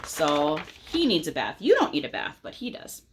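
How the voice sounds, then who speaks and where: A woman reading a picture book aloud to children, pausing to ask them questions in a gentle, teacherly way. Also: low-pitched, wildly swooping pitch, a little hiss or hum.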